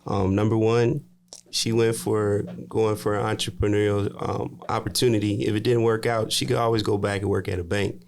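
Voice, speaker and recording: A man co-hosts a casual interview podcast and recaps his guest's lessons point by point. His voice sits low and barely rises or falls. He speaks in a measured way, with "um" pauses between points. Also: level tone, gravelly, darkish tone. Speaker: podcast co-host.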